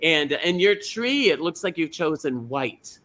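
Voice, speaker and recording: Man playing a rambling small-town pageant lady hosting, bright forceful voice, a touch high, gushes and trips over names. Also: very animated, a little slow. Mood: chatty. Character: chatty middle-aged small-town lady pageant host. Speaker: host. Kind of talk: comedic drag character hosting.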